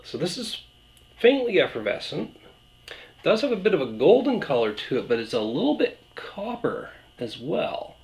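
A man hosting a beer review vlog, talking in a relaxed, rambling, self-deprecating way. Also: fairly high pitch, moderate pace. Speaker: beer reviewer, channel host.

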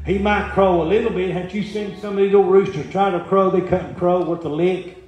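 Brief: high-voiced evangelist man, folksy sermon, very echoey hall, faint music. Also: fairly even intonation, a little fast, highs cut off. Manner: folksy, frequent "uh" fillers, asks the congregation questions. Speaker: evangelist preacher. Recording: very echoey church room with music behind.

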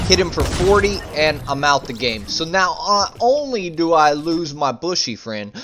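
Laid-back slangy man, faint hiss. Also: on the high side. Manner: laid-back slangy storytelling, bursts of excitement. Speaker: gaming YouTuber. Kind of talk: casual gameplay commentary.

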